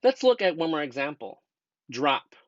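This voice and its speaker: A young American man, a student teacher, narrates a grammar lesson patiently and step by step, asking the class rhetorical questions. His voice is a little high with big pitch swings at a normal speed. It's a dull, dry lo-fi voice-over with no room sound.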